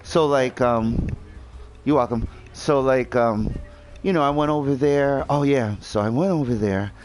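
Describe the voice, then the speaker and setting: A man's voice: mid-range voice, unhurried, a little mellow, slight background noise. A young man chatting casually while gaming, rambling with lots of fillers and swearing freely. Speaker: gaming video host.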